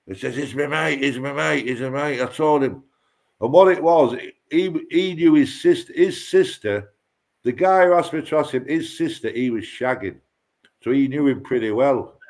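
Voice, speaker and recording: Man, casual storytelling, rambling, sweary, stumbles and repeats himself, mid-pitched voice. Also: expressive, moderate pace, a little mellow.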